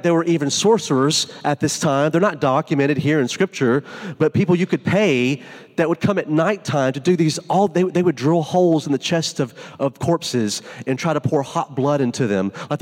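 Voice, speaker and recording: A pastor preaching in a relaxed, conversational style, tossing in casual asides as he goes. His voice sits a little high for a man, and it carries a long reverb tail from a big church hall. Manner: conversational, informal preaching with frequent "like". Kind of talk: sermon.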